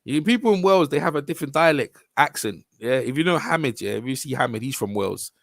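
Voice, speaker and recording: Gravelly London man, casual boxing chat. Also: mid-range voice, fast, fairly bright tone, dry recording. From London, England. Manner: rambling, informal, with frequent restarts and fillers. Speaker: boxing channel host. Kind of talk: casual commentary over a fight video.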